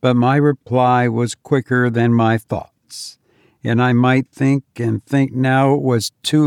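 A man reading a gothic story aloud as a narrator, measured and expressive, dropping quiet for dialogue. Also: mid-range voice, no room sound, clean studio sound. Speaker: audiobook narrator.

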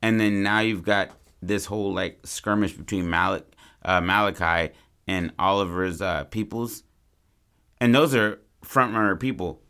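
A man's voice: low voice, unhurried, pushed and bright, clear, resonant tone. A man co-hosting a podcast, brainstorming a story in casual, rambling, profane chat. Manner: rambling, profane, acts out characters. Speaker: podcast co-host.

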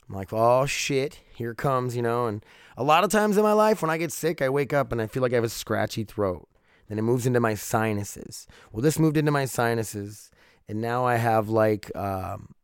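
A man's voice: medium pitch, smooth, no echo, clean studio sound. A man hosting a solo podcast, sick and foggy-headed, rambling casually with frequent swearing and laughs. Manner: rambling, profane, laughs often. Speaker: podcast host.

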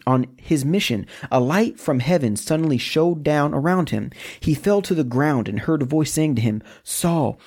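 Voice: medium pitch, darkish tone, slightly rough. A preacher giving a conversational sermon in an informal, casual way, often repeating words and slipping into slang.

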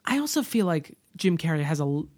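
A man co-hosting a casual movie podcast at home, talking in an animated, ranting way and slipping into mocking impressions. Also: a little high, brisk. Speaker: podcast co-host.

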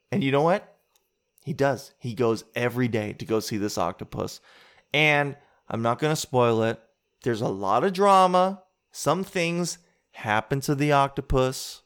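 A man doing an observational stand-up routine, rambling and conversational, interrupting himself and climbing higher in pitch as he riffs. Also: unhurried, a bit bright, clean tone. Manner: rambling, conversational, self-interrupting, rises in pitch when riffing. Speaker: stand-up comedian.

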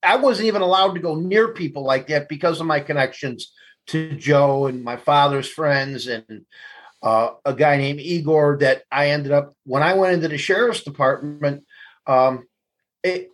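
Husky-voiced man telling blunt stories. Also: a little high, normal speed, faint music behind, low-quality recording. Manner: blunt, profane, laughs through anecdotes. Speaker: guest. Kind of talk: candid storytelling interview.

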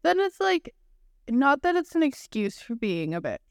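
A woman's voice: sits high, big pitch swings, moderate pace, vocal fry, no room sound, clean studio sound. A young woman co-hosting a podcast, chatting casually and teasingly, with lots of "like" fillers. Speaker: podcast co-host. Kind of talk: casual chat.

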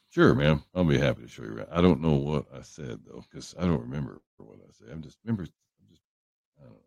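A man with a very low, gravelly voice hosts a loose livestream, wandering from story to story and greeting viewers by name. His tone is dark and the sound is dry and close, with a lively, swooping delivery. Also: fairly quick, dry recording. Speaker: livestream host. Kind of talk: casual chat with viewers. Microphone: headphones on a livestream setup.

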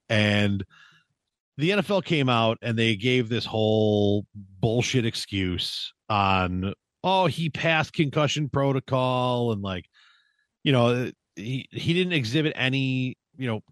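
A man's voice: fairly low pitch, takes it slowly, fairly bright tone, no echo, studio quality. A man co-hosting a sports podcast, delivering sarcastic, profane tirades. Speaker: podcast co-host. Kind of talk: casual sports chat.

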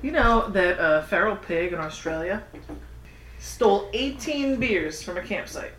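A woman's voice: medium pitch, lively intonation, unhurried, a bit bright, slight background noise. A woman co-hosting a podcast, chatting casually, laughing and sharing fun facts. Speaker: podcast co-host. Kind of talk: casual chat. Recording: echoey room, mic at a distance.

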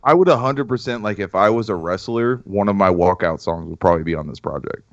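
A man's voice: sits low, fast, dry recording. A young man who reviews music, co-hosting a casual podcast with joking, profane talk. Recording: dry, dull lo-fi sound.

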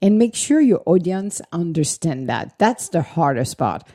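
A woman's voice: fairly low pitch, very animated, a little slow, warm tone. A woman speaking casually and earnestly, laughing often and acting out little quoted exchanges as she gives advice. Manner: earnest advice with repeated emphasis. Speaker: astrology speaker. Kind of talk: casual spoken explanation.

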